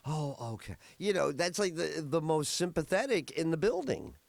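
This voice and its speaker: A man's voice: fairly high pitch, big pitch swings, moderate pace, creaky, no room sound. A middle-aged man hosting a podcast, telling rambling stories in a casual chat with many fillers. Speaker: podcast host.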